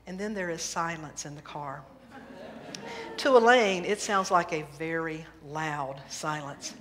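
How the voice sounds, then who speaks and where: A woman minister preaching a sermon, telling a humorous story in lively fashion in a church sanctuary. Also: low-pitched, measured pace. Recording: reverberant hall, faint noise.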